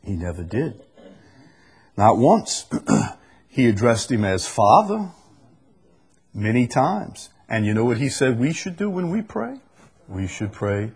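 A man teaches a Bible study group, walking through his points carefully and stopping to read passages aloud. His voice is husky and slightly rough. He speaks in a patient, explanatory way and often uses fillers between phrases. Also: mid-range voice, very animated, takes it slowly, long pauses, darkish tone.

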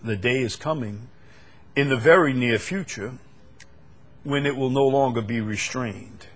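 A man preaching a sermon who swings from loud, emphatic declarations down to low, quiet scripture reading. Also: measured pace.

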